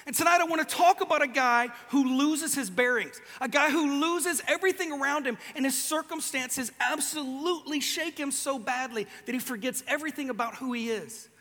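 Male preacher, very high and bright, loose joking delivery, reverberant venue. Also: fairly quick, hardly any pauses. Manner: casual, joking storyteller with restarts. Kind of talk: sermon. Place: large event venue with a band.

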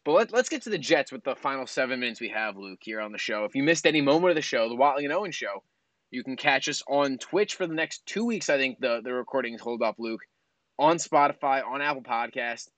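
A man co-hosting a sports talk show, steering the segments with a relaxed, wry delivery. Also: medium pitch, a little fast, no echo. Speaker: co-host.

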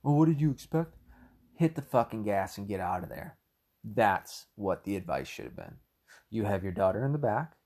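A man's voice: fairly low pitch, sing-song, normal speed, a little mellow. A man giving a heated, rambling solo commentary, full of swearing. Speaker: political commentator.

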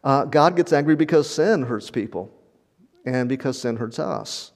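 A man's voice: medium pitch, animated, moderate pace, darkish tone. An older man preaching a sermon in a conversational, storytelling way, often repeating words and chuckling. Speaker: pastor.

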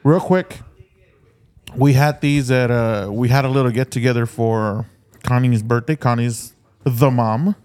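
A middle-aged man, a podcast co-host, telling stories in casual chat, animated and swearing freely. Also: mid-range voice, a little slow, clear, resonant tone.

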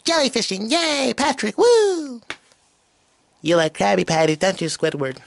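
A man voicing an excitable cartoon sea sponge boy, squealing with glee. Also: sits high, measured pace, creaky, a little hiss or hum, voice pushed up, full character voice. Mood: giddy.

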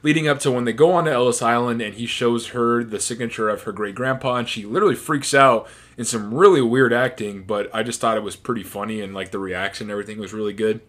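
A man's voice: medium pitch, quick pace, few pauses, fairly bright tone. A man in a casual commentary, talking about his favorite film scenes in a rambling, chatty way with restarts. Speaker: movie reviewer.

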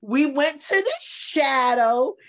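A woman, co-hosting a podcast and telling a story in a lively, animated way with quick repetitions. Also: high-pitched. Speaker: podcast co-host. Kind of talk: casual chat. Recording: dull lo-fi recording.

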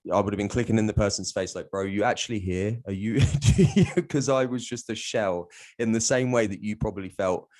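Lowish voiced guy from the south, swears a lot, laughs through his story. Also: animated, moderate pace, darkish tone. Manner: blunt, sweary, laughs often. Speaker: guest. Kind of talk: candid storytelling.

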